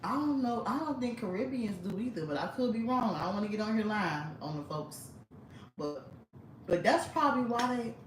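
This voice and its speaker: Speaking a little fast with a slightly high voice and lively intonation, a woman vlogger shares casual stories, blunt and chatty, swearing and laughing often. The mic sits at a distance in an echoey room, picking up slight background noise.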